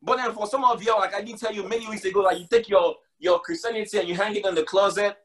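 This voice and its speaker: A man's voice: high voice, steady tone, fast talker. A man preaching a sermon, emphatic and repetitive, mixing casual slang with scripture. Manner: emphatic, repeats lines for stress.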